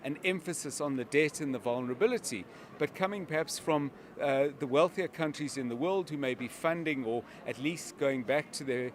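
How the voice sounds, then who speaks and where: Guy breaking down news coverage live, calm and explanatory, slightly higher voice, faint street noise behind. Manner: measured, explanatory, uses examples. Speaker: media analyst.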